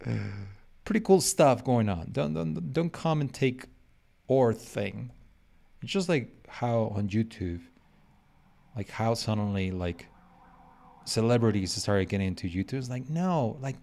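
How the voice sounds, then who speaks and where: During a live drawing stream, a man whose first language isn't English chats in a rambling, joking, self-mocking way. His medium-pitched voice is animated yet a little slow, dark-toned with vocal fry, and he pauses often.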